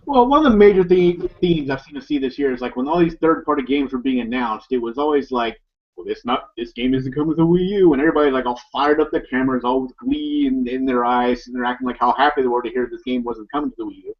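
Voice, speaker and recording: A man's voice: mid-range voice, fast, hardly any pauses. A man on a casual podcast complaining in an exasperated way. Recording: muffled lo-fi audio.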